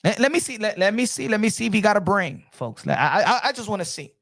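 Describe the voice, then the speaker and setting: Gravelly, exasperated boxing stream host, man. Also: high-pitched, sing-song, fast talker, fairly bright tone. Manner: exasperated, repetitive, profane. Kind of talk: livestream rant answering chat.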